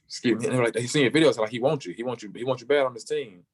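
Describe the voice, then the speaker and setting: Fast-talking young man telling a story. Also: husky. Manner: acts out quoted voices, jumping high for other people. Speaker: football player guest. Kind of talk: animated storytelling in an interview.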